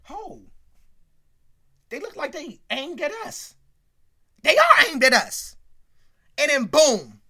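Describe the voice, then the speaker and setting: A woman hosting a casual commentary rant, animated and slangy, talking straight to her viewers. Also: high-pitched. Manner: animated, slangy, keeps addressing the audience. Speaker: show host.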